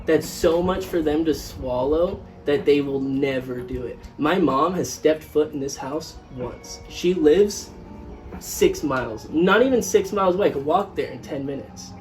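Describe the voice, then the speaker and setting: A man's voice: fairly high pitch, a little slow, far from the mic, faint music behind, rough recording. A man in his twenties co-hosting a casual podcast, rambling with lots of restarts and "like". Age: 20s. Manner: rambling, restarts often, heavy use of "like". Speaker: podcast co-host.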